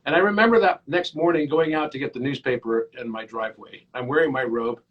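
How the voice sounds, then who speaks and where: A man in his fifties, a podcast guest, talking earnestly and telling animated stories. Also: mid-range voice, quick pace, dull audio. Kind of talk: casual interview chat.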